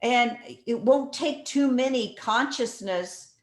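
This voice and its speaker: A woman's voice: on the high side, slow. An earnest woman speaks on a video call and tells stories in a loose, restarting way. Her voice has a roomy echo around it. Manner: earnest, storytelling, many restarts. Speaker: guest speaker. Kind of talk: casual talk on a video call.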